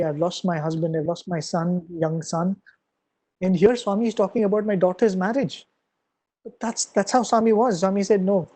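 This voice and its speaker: Man for an earnest devotional story talk, soft warm tone, unhurried with pauses. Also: high-pitched, low-quality recording. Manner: earnest storyteller acting out quoted dialogue. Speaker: invited speaker at a devotional gathering.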